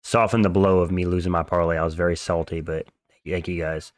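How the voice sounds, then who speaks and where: Deep-voiced man streaming casual fight chat. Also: flat delivery, brisk, no room sound, clean studio sound. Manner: slangy, chatty, thanks viewers for donations. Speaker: livestream host. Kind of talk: casual live fight-watch commentary.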